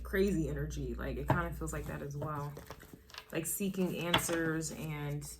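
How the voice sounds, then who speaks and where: A woman's voice: deep voice, noisy background. A woman giving a casual spiritual tarot reading, musing and rambling as her thoughts trail off. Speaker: tarot reader.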